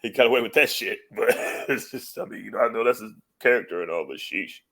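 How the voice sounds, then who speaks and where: A man co-hosting a podcast in casual chat. He speaks in a low-key way and laughs a lot. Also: quick pace, creaky, bright, forceful tone, husky. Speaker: podcast co-host. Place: podcast studio.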